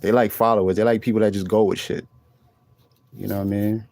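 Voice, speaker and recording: A man's voice: on the low side, level tone, a little fast, gravelly, a little mellow, dry recording. A man giving casual, blunt, profane commentary while reacting to clips, rambling and restarting his sentences.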